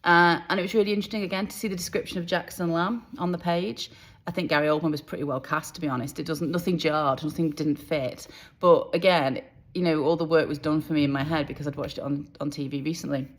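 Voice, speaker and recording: Chatty low-voiced woman author. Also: fairly even intonation, quick pace. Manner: chatty, rambling, self-deprecating. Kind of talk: casual vlog chat.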